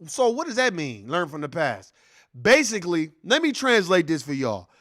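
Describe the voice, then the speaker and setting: Man, high voice, wildly swinging pitch, heated profane rant, reaction commentary. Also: big pitch swings, moderate pace, fairly bright tone. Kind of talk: casual ranting commentary.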